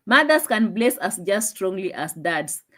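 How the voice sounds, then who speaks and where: A young woman hosting a casual live stream, chatting and laughing, dropping into low asides, on a phone mic. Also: very animated, measured pace, a bit bright.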